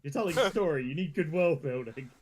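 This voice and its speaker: Male player, slightly high voice, plain and matter-of-fact. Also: lively intonation, quick pace, crowd noise. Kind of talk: casual game chat.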